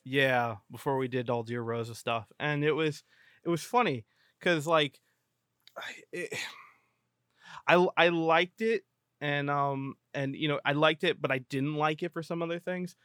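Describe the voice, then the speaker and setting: A man's voice: on the high side, measured pace, a bit bright, clean tone, no echo, clean studio sound. A man co-hosting a podcast, rambling and correcting himself as he talks. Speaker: podcast co-host. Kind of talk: casual chat.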